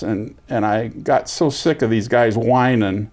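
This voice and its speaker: A man's voice: medium pitch, unhurried, few pauses. An older veteran in an oral history interview, telling his story with energy and acting out other people's lines. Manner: lively storyteller, acts out quoted voices.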